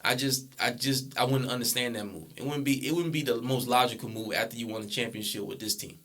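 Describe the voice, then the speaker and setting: Bright-voiced young male podcaster. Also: mid-range voice, steady tone, fast talker, faint music behind. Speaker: podcast co-host. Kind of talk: casual sports debate.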